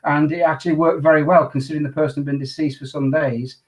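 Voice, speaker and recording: A man, an undertaker interviewed as a guest, telling his stories in an animated way. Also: on the high side, fast, low-quality recording. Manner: animated anecdotal storyteller. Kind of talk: storytelling in an interview.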